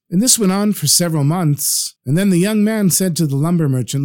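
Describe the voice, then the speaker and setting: Animated male storyteller, warm mellow voice. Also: fairly high pitch, brisk, hardly any pauses. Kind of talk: spoken story narration.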